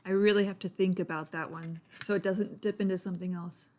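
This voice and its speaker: A woman guest on a tabletop podcast, chatting in a brisk, matter-of-fact way. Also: on the low side, steady tone, darkish tone. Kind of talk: casual chat.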